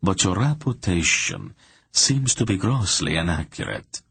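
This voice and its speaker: A sly, courtly prince with a wary edge, his low voice husky and dry, as a male reader puts him on. He speaks with polished manners at an unhurried pace. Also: huge pitch swings, fairly bright tone, no room sound, exaggerated voice. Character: sly courtly thief prince, middle-aged.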